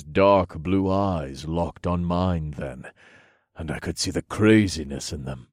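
A man narrating a first-person fantasy audiobook in a measured, steady storytelling manner. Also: deep voice, dry recording, clean studio sound.

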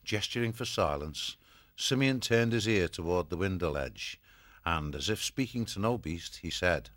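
A male audiobook narrator with a deep voice tells the story in a measured, even manner. The recording is studio quality, with no room sound.

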